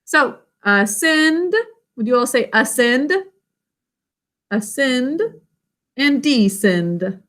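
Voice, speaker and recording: Slow, bright-voiced woman teacher. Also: sits high. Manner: slow, clear, sounds words out syllable by syllable. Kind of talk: online spelling lesson for children.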